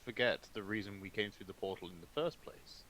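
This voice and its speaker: A man's voice: on the low side, steady tone, brisk, fairly bright tone, low-quality recording. A man playing a tabletop game, earnest and matter-of-fact. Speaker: player. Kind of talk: casual tabletop game play. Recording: faint hiss.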